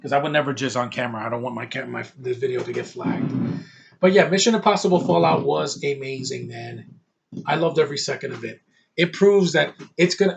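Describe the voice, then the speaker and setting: Gravelly-voiced man ranting a movie review. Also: mid-range voice. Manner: ranting, brash and swearing. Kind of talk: over-the-top spoiler-free movie review.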